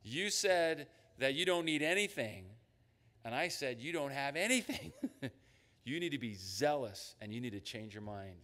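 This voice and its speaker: A man preaching a sermon as a pastor. He talks in an animated way and acts out the voices of God and his listeners. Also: medium pitch, moderate pace, long reverb tail. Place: church sanctuary.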